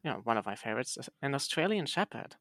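A man's voice: mid-range voice, big pitch swings, fast talker, a bit bright, no echo. A man, a podcast host chatting casually and playfully reading text aloud.

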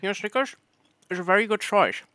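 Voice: mid-range voice, brisk, bright, forceful tone. A podcast co-host in casual chat, bantering in a teasing, mock-indignant way.

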